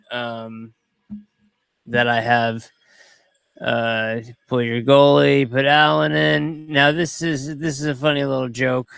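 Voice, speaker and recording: A man hosting a podcast, talking casually and in a rambling way as he comments over video clips, quick to get excited. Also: medium pitch, gravelly, smooth, no room sound. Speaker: podcast host.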